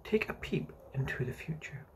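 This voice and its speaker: Whispering at a moderate pace, near his everyday voice, a man plays a motherly young girl telling a bedtime story. She is gently coaxing and patient, sighing whenever she's interrupted.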